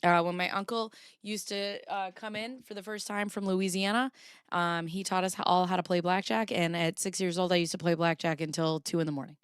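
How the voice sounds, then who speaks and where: A woman's voice: fairly low pitch, fairly even intonation, fairly quick, clean tone, dry recording, studio quality. A woman hosting a casual livestream, chatting in a rambling way, greeting her viewers and swearing now and then. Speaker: livestream host.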